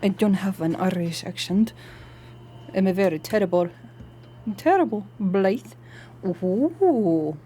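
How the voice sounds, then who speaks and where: Woman streamer, casual and animated, narrating her game play. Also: medium pitch, a little hiss or hum. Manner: animated, chatty, swears and laughs often. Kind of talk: live game stream chat.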